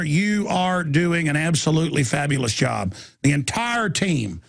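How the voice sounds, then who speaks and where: Gravelly rambling male radio host. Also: a little high, expressive, unhurried, no room sound, studio quality. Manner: rambling, repeats words for emphasis. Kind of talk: enthusiastic on-air shout-outs.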